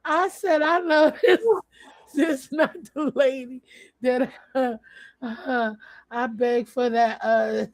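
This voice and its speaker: A woman chatting casually to her viewers on a livestream, loud and playful, laughing often and trash-talking. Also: sits high, steady tone, takes it slowly, no room sound. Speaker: channel host. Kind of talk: casual live chat.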